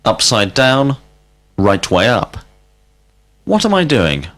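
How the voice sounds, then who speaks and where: A male teacher leading a scripted language drill, asking questions slowly and deliberately and calling out single words as prompts. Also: medium pitch, wildly swooping pitch, a bit bright. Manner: slow, deliberate questioning with clear word prompts.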